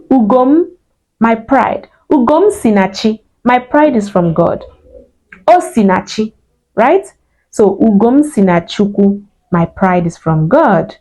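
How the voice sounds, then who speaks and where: Woman teacher, slow deliberate delivery, warm low-key voice. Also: poor audio. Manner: repeats each word slowly, light laughter. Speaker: language teacher. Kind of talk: slow spoken lesson on name meanings.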